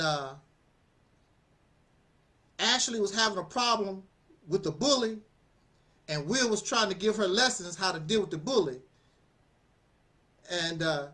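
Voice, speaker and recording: A high-voiced man hosts a channel, giving laid-back commentary that turns animated and preachy. He laughs a lot and tends to say phrases more than once.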